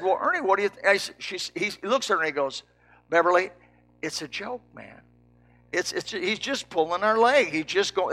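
An older man, a preacher from Indiana, telling a folksy story with lively quoted dialogue. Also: sits high, vocal fry. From Indiana, United States. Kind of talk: storytelling sermon.

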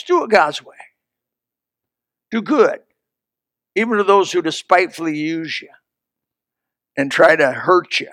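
A man's voice: sits high, bright, forceful tone, dry recording, studio quality. A man pastor preaching a sermon in an emphatic, folksy, storytelling manner.

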